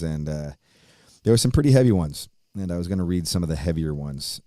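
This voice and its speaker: A man's voice: low voice, mellow, dry recording, studio quality. A man hosting a podcast, talking in a loose, rambling way and swearing freely. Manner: hyped, sing-song opening greeting. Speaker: podcast host. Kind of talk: casual podcast intro monologue.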